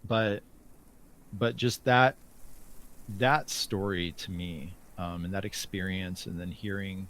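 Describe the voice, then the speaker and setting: A man talking as an interview guest in casual conversation, halting, with many restarts and fillers. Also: sits low, steady tone, a bit bright.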